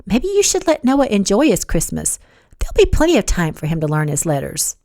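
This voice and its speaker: A woman voicing a gentle older woman who speaks softly in an audiobook. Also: mid-range voice, huge pitch swings, a little fast, no echo, clean studio sound. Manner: gentle, soft.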